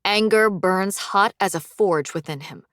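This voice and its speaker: A woman with a mid-range voice narrates an audiobook from a script in an even, measured way. The studio sound is clean, with no echo.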